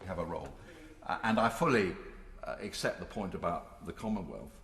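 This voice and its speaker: A man's voice: low voice, animated, brisk, a bit bright. A man in his sixties giving an emphatic, rhetorical parliamentary speech with touches of dry sarcasm. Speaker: member of parliament. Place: large debating chamber. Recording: echoey chamber with long reverb.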